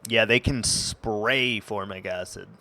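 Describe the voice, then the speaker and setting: A man's voice: lowish voice, steady tone, takes it slowly, bright, forceful tone. A young man streaming a game, chatting casually and rambling with stumbles and restarts. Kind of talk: casual gameplay chat.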